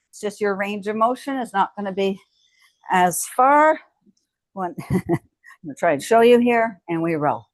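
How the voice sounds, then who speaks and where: With long pauses at a normal speed, a woman fitness coach walks the viewer through strength exercises at home, calling each move and offering frequent cheers. Her voice is medium-pitched and animated, in a dry recording.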